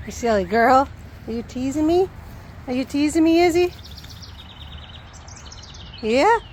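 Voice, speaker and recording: Woman, high voice, slow, coaxing pet talk, outdoors, faint background noise. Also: lively intonation, darkish tone. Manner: coaxing, affectionate baby talk. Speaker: pet owner vlogger. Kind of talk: casual talk to her pets. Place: outdoors on a walk.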